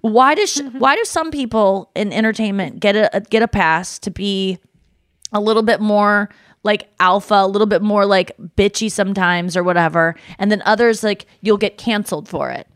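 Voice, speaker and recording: A woman hosting a podcast in casual chat, animated and self-mocking, swearing freely. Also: mid-range voice, moderate pace, no echo, clean studio sound. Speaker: podcast host.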